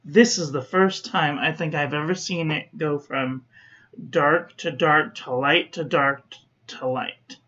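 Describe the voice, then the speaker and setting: Brief: woman host, unhurried chatty ink review, dull lo-fi home audio. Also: low-pitched, fairly even intonation, fairly bright tone. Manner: chatty, self-correcting, talks to viewers.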